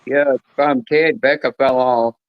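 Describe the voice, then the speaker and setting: A man's voice: medium pitch, steady tone, unhurried, smooth, dry recording, muffled recording. A man chatting casually on a live stream panel, telling rambling joking stories full of fillers.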